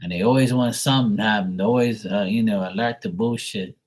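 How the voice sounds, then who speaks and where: Man, tarot reader, live stream, low voice, chatty, rambling, swears freely. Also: fast talker, low-quality recording. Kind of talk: casual live-stream talk.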